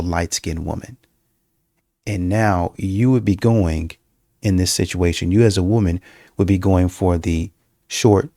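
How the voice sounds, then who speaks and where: A man's voice: sits low, dry recording, studio quality. A man giving casual reaction commentary, repetitive and emphatic, with many fillers and restarts. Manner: breaks into mocking, animated quoting.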